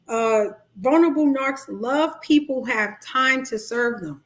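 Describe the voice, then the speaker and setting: A woman's voice: measured pace, few pauses. A middle-aged woman life coach, talking casually to a live-stream audience and acting out quoted dialogue. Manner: chatty, animated, acts out quoted dialogue in high voices. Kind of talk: live-stream talk on narcissistic abuse.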